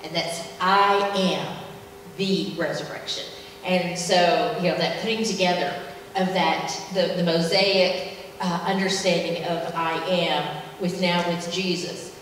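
A woman's voice: on the low side, steady tone, a little slow, a little hiss or hum. Chatty woman teaching scripture, echoey. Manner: conversational and enthusiastic, with many fillers. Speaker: church leader teaching a Bible passage. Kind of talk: informal Bible teaching in a church service. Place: church sanctuary. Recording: echoey hall from far off.

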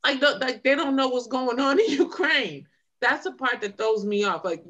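A woman co-hosting a podcast discussion, animated and indignant, acting out the exchanges she retells. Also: high voice, normal speed. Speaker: podcast co-host. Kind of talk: casual discussion.

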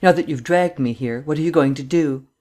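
A man's voice: fairly high pitch, a little fast, darkish tone, lightly acted. A man reading an audiobook, voicing an impatient district attorney who speaks curtly and churlishly. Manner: curt, churlish.

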